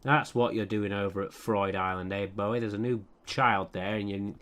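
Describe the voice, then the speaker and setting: A man's voice: on the low side, fairly even intonation, moderate pace, a bit bright. A man commentating over a life-sim game, sarcastic and profane as he scolds the characters. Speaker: let's play commentator.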